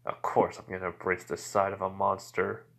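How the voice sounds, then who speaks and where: A man voicing a teenage boy who has become a vampire, speaking calmly and flatly with quiet menace in a fan story. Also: low-pitched, moderate pace, creaky, pitched below the performer's own voice, heavily acted. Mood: cold. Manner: calm, flat, menacing. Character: teenage boy turned calm, cold vampire.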